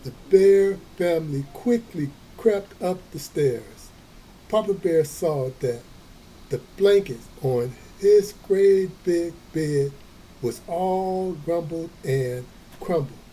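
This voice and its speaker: A man reading a children's story aloud, slow and folksy, with playful chatty asides. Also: on the high side, mellow, breathy edge, poor audio. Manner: slow, folksy, adds playful comments to listeners.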